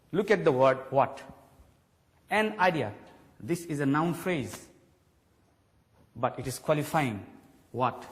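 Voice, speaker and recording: A man teaching a grammar lesson on television, slowly stressing key words for his students. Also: medium pitch, big-room sound. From Bangladesh.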